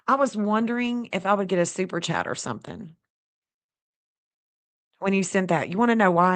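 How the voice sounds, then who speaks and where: A woman hosting a casual livestream, chatty and excitable, talking straight to her viewers and laughing often. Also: mid-range voice, normal speed, pauses often. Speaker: livestream host reading astrology maps.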